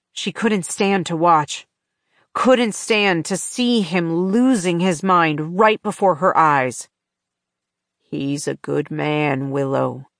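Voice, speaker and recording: Slow, measured woman narrating an audiobook. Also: mid-range voice, no room sound, studio quality. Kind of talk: scripted narration.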